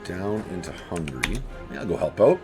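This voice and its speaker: A deep-voiced let's play host talks a little fast over music, offering casual, chatty commentary on a strategy game and speaking right to the enemies in an animated way.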